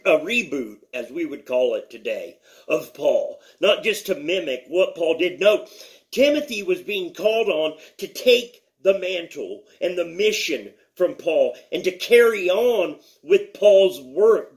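A man giving a devotional Bible teaching, speaking deliberately with repeated phrases and reading scripture aloud with emphasis. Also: sits high.

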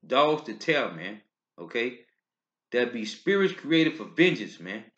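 In a scripture-reading sermon video, a street preacher delivers emphatic bursts that rise and fall, ending lines with "man, okay?" His medium-pitched voice is a bit bright, swings widely in pitch, and keeps a measured pace. The lo-fi recording sounds dull.

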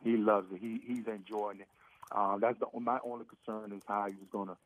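A man's voice: on the low side, little pitch movement, fairly quick. A middle-aged former football player, a guest on sports radio, talking casually and emphatically, restarting and repeating his phrases. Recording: dry, tinny phone line.

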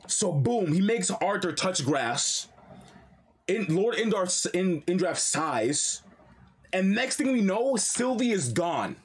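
A young man streaming a live reaction to a comic, talking in an animated, slangy, excitable way. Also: sits high, slow pace, slightly rough.

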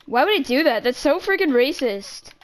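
A woman trolling other players in game voice chat, teasing and mocking them, sometimes dropping into a low put-on voice to taunt. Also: animated, normal speed.

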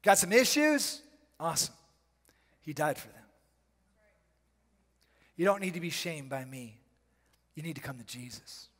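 High-voiced preacher in a reverberant hall. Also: male voice, very animated. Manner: preaching with sudden loud bursts and dramatic pauses; playful, slangy asides. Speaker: pastor. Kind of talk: charismatic sermon. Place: church sanctuary.

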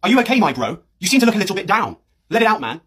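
A man's voice: high voice, big pitch swings, husky, full character voice. A man doing a chummy British hipster bro. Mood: soothing. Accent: British English. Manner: mellow, chummy, drawn-out sympathy. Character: laid-back male hipster bro, preachy about wellness. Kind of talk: comedy sketch character.

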